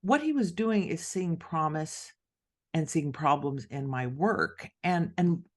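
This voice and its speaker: Slow and low-voiced, this middle-aged author is a guest on a podcast telling a story conversationally. She's animated, acting out the voices of the people in her tale as she quotes them.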